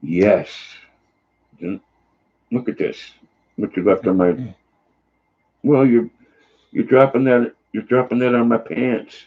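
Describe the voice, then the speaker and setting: An older man hosting a casual livestream, slowly reading out viewer comments and cooing fondly at his dog. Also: medium pitch, fairly even intonation. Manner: slow, folksy, reads comments aloud and coos at his dog. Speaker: livestream host. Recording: slightly dull lo-fi sound.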